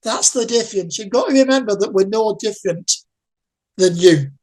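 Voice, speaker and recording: A woman's voice: mid-range voice, normal speed, a little mellow. A woman living with dementia, talking earnestly and directly to the listener in an interview. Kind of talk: interview testimony.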